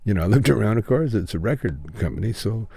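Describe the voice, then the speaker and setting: An older man spinning a relaxed, rambling story as a comedian guest, his voice sitting low. He drifts along with easy pauses and slips into the voices of the people in his tale. The sound is close and dry. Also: vocal fry, husky, no echo.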